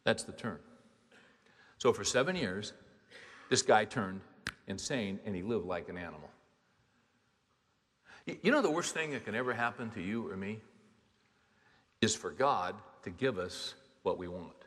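A man's voice: on the low side, lively intonation, a little slow, long pauses, fairly bright tone, slightly rough. A man preaching a sermon in an emphatic, conversational way, asking the congregation rhetorical questions. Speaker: pastor. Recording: long hall reverb.

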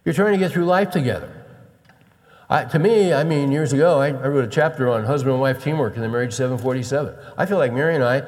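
A middle-aged man preaching a storytelling sermon as a pastor, swinging between loud bursts and hushed emphasis. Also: medium pitch, fast. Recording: long reverb of a large hall.

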